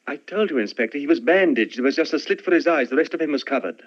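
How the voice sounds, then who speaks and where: A grave, earnest scholar who presses his point with quiet insistence. His delivery is quick. It comes through a dull old film soundtrack. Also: on the high side, expressive.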